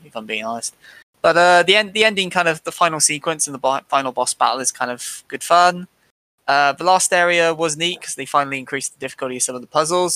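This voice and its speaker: A man's voice: mid-range voice, gravelly, pushed and bright. A man co-hosting a gaming podcast, talking in a dry, wry, rambling way. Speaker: podcast co-host. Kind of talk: casual podcast chat.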